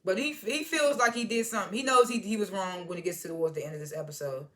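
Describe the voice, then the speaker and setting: A woman's voice: medium pitch, fast talker, bright, forceful tone. A woman casually recapping a TV episode, chatty and slangy as she retells scenes. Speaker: TV show reviewer.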